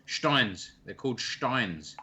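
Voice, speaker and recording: A man's voice: mid-range voice, very animated, slow, pushed and bright. A man chatting casually on a livestream, swearing freely in blokey banter. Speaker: stream co-host. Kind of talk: casual chat.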